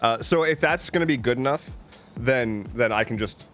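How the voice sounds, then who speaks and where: A man's voice: medium pitch, moderate pace, a bit bright, faint music behind. A man chatting casually on a live stream, joking playfully and reading viewer messages aloud.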